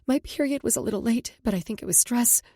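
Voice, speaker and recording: A woman's voice: fairly high pitch, warm tone, husky, dry recording, clean studio sound, pitched above the performer's own voice. Woman voicing a tearful young woman. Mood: tearful, confessing. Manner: emotional, halting.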